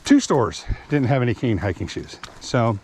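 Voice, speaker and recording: A man's voice: medium pitch, very animated, normal speed, darkish tone, slight background noise. A man, narrating a hiking vlog outdoors on a wooded trail, a bit out of breath as he chats about the trail and his gear. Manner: chatty, explains gear plainly. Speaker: hiking vlogger.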